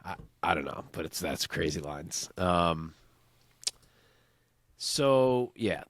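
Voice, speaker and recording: A man's voice: sits low, animated, slow pace, fairly bright tone, dry recording, studio quality. A man co-hosting a casual MMA preview show, thinking aloud through a fight breakdown. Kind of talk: casual fight analysis chat.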